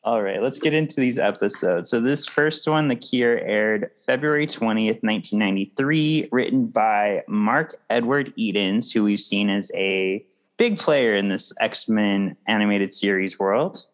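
A man's voice: on the low side, measured pace. A man hosting a casual podcast who steers the conversation with brief, easygoing replies. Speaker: podcast host.

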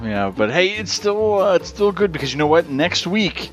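A man's voice: high voice, very animated, moderate pace, soft background music. A man hosting a podcast in casual chat, rambling and swearing freely. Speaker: podcast host.

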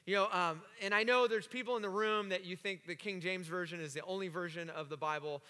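A pastor preaching a sermon to his congregation, animated and joking with the room. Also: sits high, a little fast. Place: church sanctuary. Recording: long hall reverb.

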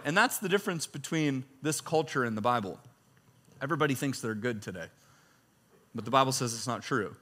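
Male pastor, sermon delivery, animated and bright, reads scripture with force, laughs between points. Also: mid-range voice, brisk, big-room sound. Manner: animated preaching, reads scripture loudly, jokes and chuckles.

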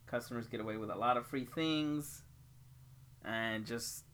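A man's voice: medium pitch, measured pace, fairly bright tone, clear, resonant tone. A man chatting casually as co-host, giving blunt, matter-of-fact opinions. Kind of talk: casual chat.

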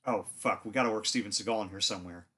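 A man's voice: lowish voice, rapid-fire, pushed and bright, husky. A man co-hosting a podcast, joking around and swearing freely in casual chat.

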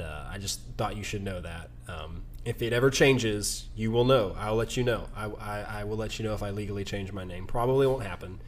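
A man hosting a casual podcast, talking in a rambling, self-deprecating way with many restarts. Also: lowish voice. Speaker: podcast host. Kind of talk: casual chat.

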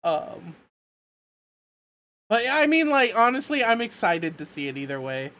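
A woman co-hosting a casual podcast chat, animated and quick to laugh, with lots of filler words. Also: mid-range voice. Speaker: podcast co-host.

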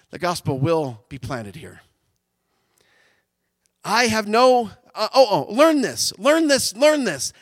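A man preaching a sermon, animated, swinging from loud shouts down to quiet, intimate tones. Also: very high-pitched, no room sound.

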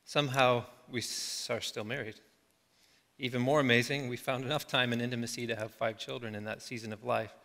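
A middle-aged man preaching a sermon as a pastor, reflective, slowing down and letting his phrases trail off softly. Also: mid-range voice, steady tone, gravelly. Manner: reflective, slow with soft trailing endings. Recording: long hall reverb.

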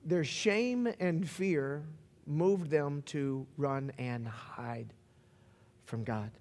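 A man preaching a sermon as a pastor, telling stories and shifting from slow, quiet stretches to loud, excited peaks. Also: on the high side, long reverb tail. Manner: storytelling, varies pace, builds to shouts.

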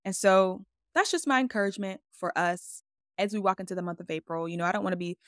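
A woman's voice: mid-range voice, fast, no echo, clean studio sound. Chatty woman hosting a faith podcast. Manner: casual, chatty and expressive, acting out her own quoted words. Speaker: podcast host.

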